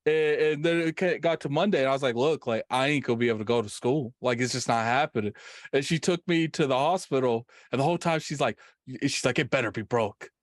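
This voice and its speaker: A man in casual chat, telling a story in a laid-back, halting way. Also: mid-range voice, dry recording, clean studio sound.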